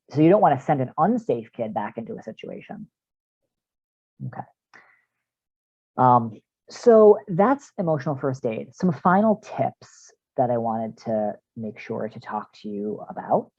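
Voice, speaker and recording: A man's voice: medium pitch, dry recording. A man, a counselor, giving a practical online training talk to parents in a conversational way with many fillers, over a video call. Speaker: counselor presenting a parent workshop. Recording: dull, dry video-call audio.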